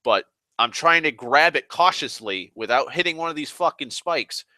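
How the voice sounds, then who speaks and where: Young guy ranting, cussing constantly, bright tense voice, dry close mic. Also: a little high, lively intonation, moderate pace, no room sound. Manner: profane, exasperated, acts out quoted people. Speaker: vlogger telling a story. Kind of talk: profane storytelling rant.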